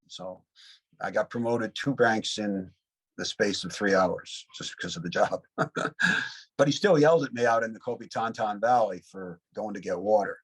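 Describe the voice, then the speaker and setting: In a low-quality recording, a man in his seventies with a lowish, slightly rough voice speaks at a moderate pace. Interviewed as a Vietnam veteran, he tells rambling, reflective war stories, with frequent "you know" asides.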